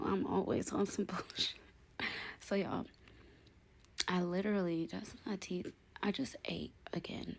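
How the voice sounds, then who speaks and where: A young woman telling a storytime vlog at home, talking in lively slang and acting out the lines she quotes. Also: on the low side, gravelly, breathy edge. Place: at home, bedroom.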